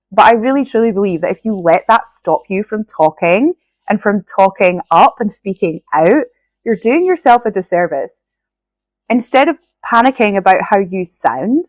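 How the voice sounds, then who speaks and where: Her voice sits at medium pitch this time, captured roughly with no room sound. The solo podcaster from Scotland, nasal from her cold, keeps encouraging the listener earnestly and keeps checking in with "right?"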